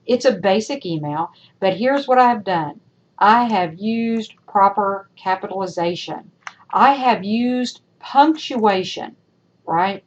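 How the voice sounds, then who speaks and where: A woman's voice: medium pitch, expressive, slow. Chatty woman instructor, dull screencast audio. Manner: chatty, asks rhetorical questions. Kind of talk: screen-recorded tutorial.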